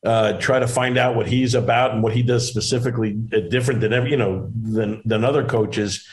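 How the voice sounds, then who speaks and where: A man's voice: mid-range voice, steady tone, a little fast, low-quality recording. Middle-aged man, actor guest, rambling anecdotes, video call. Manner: rambling storyteller with many restarts. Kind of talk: casual interview chat.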